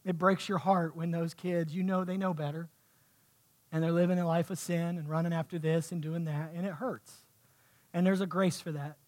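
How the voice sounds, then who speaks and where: A man preaching a sermon to his church, swinging from soft, heartfelt talk to fervent shouting. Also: a little high, level tone, normal speed. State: sweating. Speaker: pastor.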